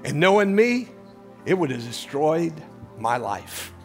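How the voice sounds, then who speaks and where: A man in his sixties, a pastor, preaching a sermon and telling a personal story with big swings between loud urgency and hushed lows. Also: sing-song, takes it slowly, soft background music.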